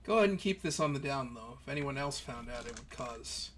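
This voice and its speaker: A man's voice: medium pitch, expressive, fast talker, a bit bright, slight background noise. A man narrating as game master in a tabletop game, chatty and often laughing.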